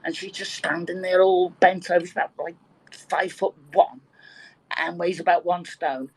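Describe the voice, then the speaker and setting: Husky woman telling a joke. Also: lowish voice, moderate pace, rough recording. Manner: lively, animated storytelling with swearing. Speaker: participant in an online audio chat room. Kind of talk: telling a joke in casual chat.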